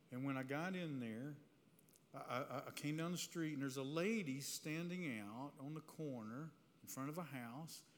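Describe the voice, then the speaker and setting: Animated preaching man in a hall. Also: fairly high pitch. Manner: animated, conversational preaching with frequent "right?". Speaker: speaker giving a testimony. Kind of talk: sermon-style testimony storytelling. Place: church hall with a live audience. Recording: reverberant hall, faint room noise.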